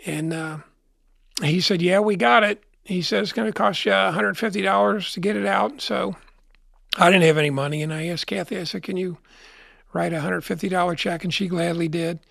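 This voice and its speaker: A man's voice: high voice, steady tone, fairly quick, vocal fry, fairly bright tone, no echo, clean studio sound. A middle-aged man telling a long story in a rambling way, repeating and restarting his words as an interview guest.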